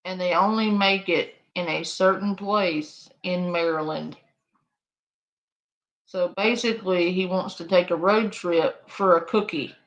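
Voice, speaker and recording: A woman hosts a live stream, chatting through reaction clips in an amused, easygoing way. She talks at an unhurried pace. Her audio is somewhat dull and lo-fi. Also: fairly low pitch. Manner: amused, laughs often. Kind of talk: casual live reaction commentary.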